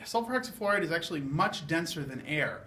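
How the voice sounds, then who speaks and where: A man's voice: a little high, lively intonation, fast, bright, forceful tone. A man casually explaining a science demonstration to the camera, chatty and full of fillers. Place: university lab room. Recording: echoey room, some background noise.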